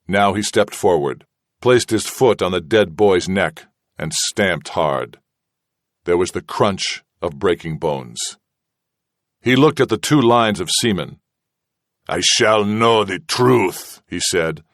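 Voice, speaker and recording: A man reading an audiobook narration in a steady, measured way. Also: low-pitched, no room sound, clean studio sound. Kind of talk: scripted narration.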